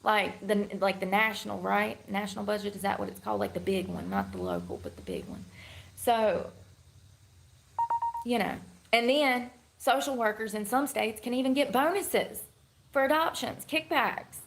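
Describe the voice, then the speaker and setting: A woman's voice: medium pitch, expressive, normal speed, gravelly, low-quality recording. A woman streaming live, chatting in a candid, rambling, slangy way and laughing often. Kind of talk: casual live-stream chat.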